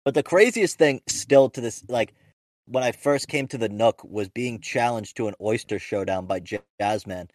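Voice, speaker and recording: A young man who hosts a podcast and does stand-up tells rambling, profane stories, constantly interrupting and restarting himself. His voice is medium-pitched at a moderate pace, recorded with studio quality and no echo, in a casual storytelling style.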